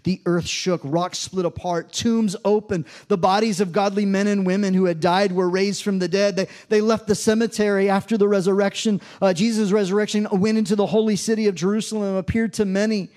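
A man's voice: high-pitched, little pitch movement, a little fast, hardly any pauses, a little mellow. A man preaching a sermon, reading scripture aloud and acting out the mocking voices with drama. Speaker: pastor.

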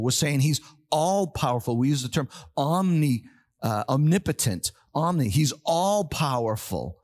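An older man preaching a sermon as pastor, emphatic, slowing down and repeating key words to drive them home. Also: mid-range voice.

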